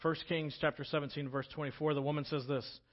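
A man preaching a casual storytelling sermon as pastor, talking conversationally and swinging between loud emphasis and hushed moments. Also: on the high side, level tone, fast, muffled recording.

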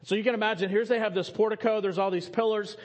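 A man's voice: sits high, steady tone, fast. A middle-aged man, preaching a sermon as a pastor, telling a scripture story with humorous asides to the congregation.

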